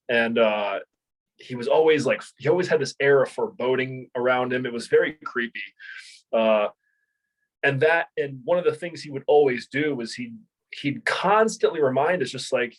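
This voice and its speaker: This man in his thirties, once a Marine and now a martial arts instructor, tells stories in a relaxed interview at a normal speed and medium pitch. He swears freely, laughs, and rambles with lots of fillers and restarts. The audio is poor.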